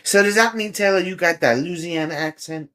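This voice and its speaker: Fairly bright and high, the man's voice runs a little fast. He hosts an easygoing livestream, reading viewer comments out loud and chuckling often.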